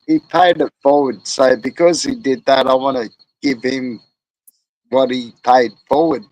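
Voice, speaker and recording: A man's voice: medium pitch, fairly even intonation, unhurried, a little mellow, no room sound, low-quality recording. A man with an Australian accent, co-hosting a livestream, reading the chat and greeting viewers with crude slang. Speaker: livestream co-host. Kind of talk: casual chat.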